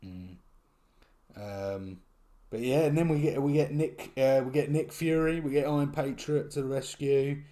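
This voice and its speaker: A man with a British accent co-hosting a podcast, talking in a relaxed, thoughtful way with many fillers. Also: mid-range voice, measured pace. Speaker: podcast co-host. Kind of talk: casual chat.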